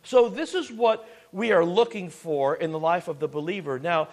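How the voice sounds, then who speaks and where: A man's voice: sits high, normal speed. A man preaching a sermon as pastor, earnest and full of restarts and asides.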